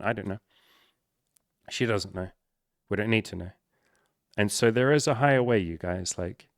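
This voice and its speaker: A man's voice: fairly low pitch, no room sound, studio quality. A man who is a coach, talking earnestly and emphatically in a personal vlog monologue, swearing often.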